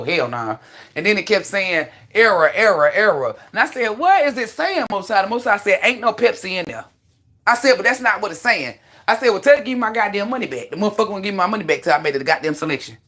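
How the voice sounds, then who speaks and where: Animated, profane woman telling stories. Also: mid-range voice. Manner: animated, profane, rambling storyteller. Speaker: livestream host. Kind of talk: casual livestream storytelling.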